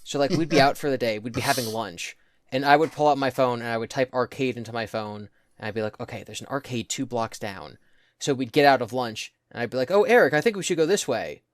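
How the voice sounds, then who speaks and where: A young man in an easygoing podcast chat, his voice dry and close to the mic with no room sound. He drawls words out slowly for emphasis, then speeds up again. His pitch sits in the middle for a man. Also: dry recording. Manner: easygoing, drawls words out when making a point. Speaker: podcast co-host. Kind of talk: casual storytelling chat.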